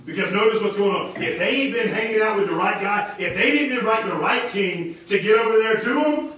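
A man preaching a casual, energetic sermon, slangy and animated, often repeating words as he restarts. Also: sits high, brisk. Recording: very echoey room, distant mic.

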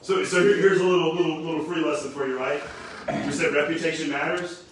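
A man preaching a casual, energetic sermon, slangy and animated, often repeating words as he restarts. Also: on the high side, quick pace, slight background noise. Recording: very echoey room, distant mic.

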